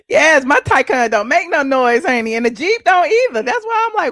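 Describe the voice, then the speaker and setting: A woman's voice: high-pitched, sing-song, unhurried, long pauses, fairly bright tone, no room sound. A woman hosting a casual celebrity gossip livestream, sassy and chatty, calling the audience honey and child, humming mm-hmm and laughing between points.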